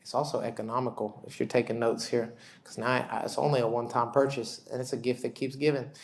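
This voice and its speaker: Animated, self-mocking male preacher. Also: mid-range voice, fast talker, vocal fry. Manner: animated storyteller, self-deprecating humor, acts out quotes. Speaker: conference speaker. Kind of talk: sermon-style breakout talk.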